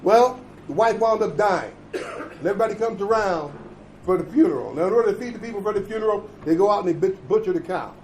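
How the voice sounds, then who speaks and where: A man's voice: sits high, animated, fast talker, a little mellow, slight background noise, poor audio. A man giving a blunt, emphatic recovery talk, repeating points and checking in with the room. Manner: emphatic, repetitive, blunt with profanity; conversational, checks in with "okay?" and "right?". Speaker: recovery conference speaker.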